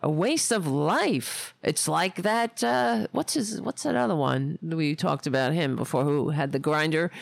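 A woman's voice: sits low, moderate pace, vocal fry, few pauses, no room sound. A woman hosting a casual political commentary stream, indignant and profane, rambling with frequent restarts. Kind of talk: casual political rant livestream.

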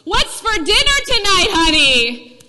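A woman voicing a middle-aged husband in a joke, pitching her voice up and calling out loudly. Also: very animated, slow, heavily acted. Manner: raised pitch, calls out loudly. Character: middle-aged husband worried about his wife. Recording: reverberant church hall.

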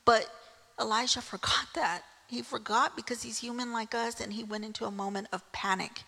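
A woman's voice: a little high, steady tone, normal speed, gravelly, bright, forceful tone, long reverb tail. A woman preaching a casual sermon, telling the story in a chatty way with frequent "right?" asides.

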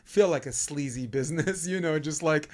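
A man's voice: on the high side, moderate pace. A man with a Brooklyn accent hosting a podcast interview, loose and joking, swearing and laughing as he talks. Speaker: podcast host. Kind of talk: casual interview chat.

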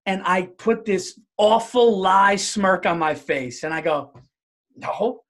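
A man's voice: high voice, lively intonation, normal speed. A middle-aged man hosting a podcast, telling stories on himself with lots of laughter. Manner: laughing, self-mocking storyteller. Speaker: podcast host. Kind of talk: casual podcast chat.

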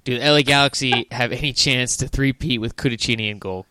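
A man co-hosting a soccer podcast with a bright, crisp voice, recorded dry and close. He reads out listener questions and jokes around in a playful, teasing way. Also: mid-range voice, fast, no room sound. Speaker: podcast co-host. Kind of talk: casual soccer podcast chat.

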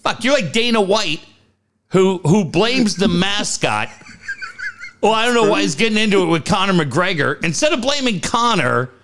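A man's voice: sits high, normal speed. A middle-aged man with a Southern Californian accent, co-hosting a studio podcast and telling a story, acting out the voices of the people in it. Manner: animated, acts out quoted voices. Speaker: podcast co-host. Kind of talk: storytelling casual chat.

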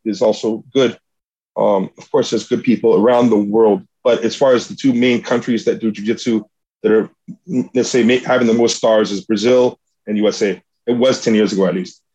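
A man's voice: medium pitch, a little mellow, breathy edge. A man, a jiu-jitsu athlete, telling a story in an earnest, rambling, motivational way. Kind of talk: casual storytelling. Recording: dull lo-fi recording.

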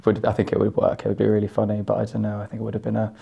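Young man, podcast guest, lowish voice, chatty, laughs a lot, swears casually. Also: completely flat delivery, racing, vocal fry, mellow, husky, muffled recording. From Wiltshire, England. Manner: laughs often, swears casually, rambling anecdotes. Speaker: guest, drag performer.

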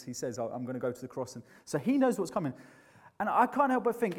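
A man preaching a sermon in a conversational, earnest way, often restarting his sentences. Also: fairly high pitch.

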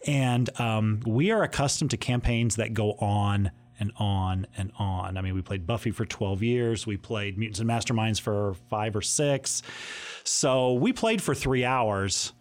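A man's voice: fairly low pitch, a little slow. A middle-aged man on a podcast, rambling and self-deprecating as he talks about his tabletop games. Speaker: podcast co-host and player. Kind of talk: casual podcast chat.

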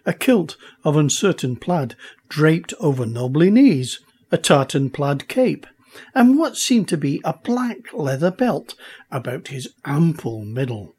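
A male audiobook reader narrates a children's storybook in a husky voice with lively pitch. He takes a slow, unhurried pace while staying expressive.

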